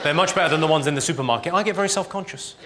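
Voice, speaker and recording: A man performing a stand-up comedy set in deadpan one-liners, with clipped delivery. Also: a little high, very fast. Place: large venue with live audience. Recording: live show with loud crowd laughter and noise.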